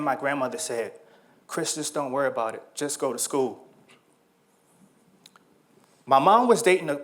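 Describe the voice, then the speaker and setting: A man in his thirties from Washington, D.C., giving a motivational talk as a story, in slow, measured phrases that often drop to a soft, quiet tone. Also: fairly high pitch. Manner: measured, slow storytelling with dramatic pauses and soft, dropped lines. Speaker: speaker.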